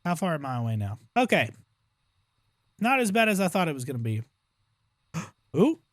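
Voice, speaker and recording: A man's voice: fairly high pitch, brisk, dry recording, clean studio sound. Chatty man griping over gameplay. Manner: chatty, exaggerated complaining and excited exclamations. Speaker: gaming streamer. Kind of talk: casual gameplay commentary.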